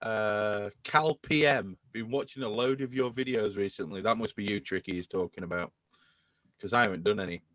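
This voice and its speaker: A man's voice: mid-range voice, no echo. A man hosting a podcast in casual chat, enthusing about beer. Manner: enthusiastic, animated beer talk. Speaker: podcast host.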